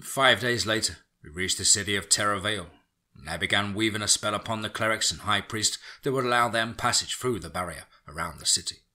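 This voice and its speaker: A man narrating a first-person fantasy story for a podcast in a steady, unhurried reading. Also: lowish voice.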